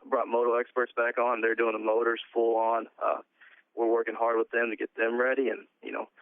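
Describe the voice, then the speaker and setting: A man's voice: medium pitch, no echo. A man who races ATVs professionally, talking casually about his season in a phone interview, full of "uh" fillers. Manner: relaxed, plain-spoken, many "uh" fillers. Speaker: pro ATV motocross racer. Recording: tinny phone line.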